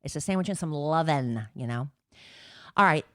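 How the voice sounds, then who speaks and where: A woman's voice: low-pitched, animated, normal speed, no room sound, studio quality. A woman in her forties co-hosting a podcast, telling a long story in a chatty way with lots of fillers. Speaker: podcast co-host. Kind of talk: casual chat.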